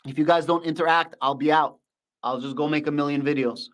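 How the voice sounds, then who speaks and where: A man's voice: fairly high pitch, steady tone, fairly quick. A young man with a Russian accent hosting a casual livestream, talking bluntly and repeating his thank-yous. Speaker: livestream host.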